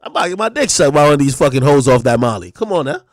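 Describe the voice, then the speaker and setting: A man hosting a livestream, delivering a loud, profane comedic rant with shouted bursts. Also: on the high side, very animated, racing, no echo, studio quality. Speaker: streamer and show host.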